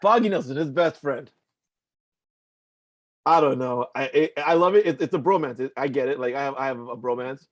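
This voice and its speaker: Fast-talking rambling man, dry close sound. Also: mid-range voice, no echo. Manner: rambling, many "like" fillers, swears freely. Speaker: podcast co-host. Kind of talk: casual chat.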